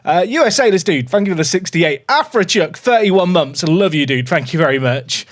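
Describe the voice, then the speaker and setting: Lively, high-voiced man streaming. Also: a little fast. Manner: chatty, upbeat, greets viewers. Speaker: livestreamer. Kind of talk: casual livestream chat. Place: home office.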